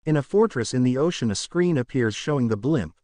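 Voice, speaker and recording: A man's voice: medium pitch, lively intonation, brisk, darkish tone, dry recording. A man reading a fan fiction story aloud in a plain, matter-of-fact way.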